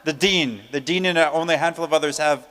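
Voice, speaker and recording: Calling out prize winners at a live conference, this emcee jokes and chats loosely in a high, light, fairly bright voice. He talks fast, and a long reverb from the large hall trails his words.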